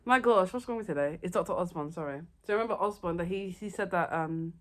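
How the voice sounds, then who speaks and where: A young woman, chatting excitedly and rambling through her favourite movies in a casual vlog. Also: lowish voice, fast. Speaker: vlogger. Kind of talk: casual movie review chat.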